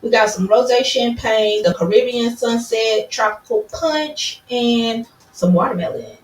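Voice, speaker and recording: A woman's voice: on the high side, a little slow. Candid chatty woman, roomy distant sound. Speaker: podcast co-host. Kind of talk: casual chat. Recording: roomy, distant mic with faint noise.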